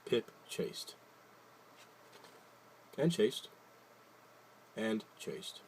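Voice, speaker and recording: A man's voice: lowish voice, sing-song, drawn-out words, darkish tone, a little hiss or hum. A man casually reading a picture book aloud, adding wry, jokey asides and loosely retelling the story. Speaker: reader.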